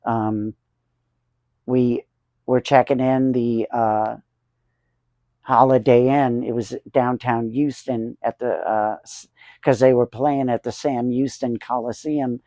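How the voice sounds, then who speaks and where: Gravelly man in his sixties, rambling. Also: mid-range voice, steady tone, slow, long pauses, dark tone, no room sound. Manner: rambling, chuckling anecdotes with many fillers. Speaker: collector and channel host. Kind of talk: casual storytelling vlog.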